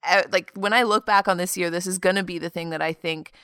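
A woman's voice: fairly low pitch, fairly even intonation, fast talker, clear, resonant tone, dry recording, studio quality. A woman in her twenties hosting her own podcast, talking in an earnest, confiding way. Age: 20s. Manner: earnest and confiding, laughing softly now and then. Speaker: podcast host. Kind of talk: reflective solo podcast talk.

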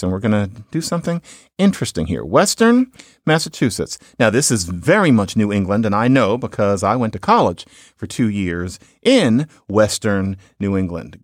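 A man's voice: mid-range voice, dry recording. Middle-aged american guy explaining accents, chatty and wry, dry close mic. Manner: chatty, wry asides, lively intonation. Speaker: podcast host, linguist. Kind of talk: casual lecture with audio clips.

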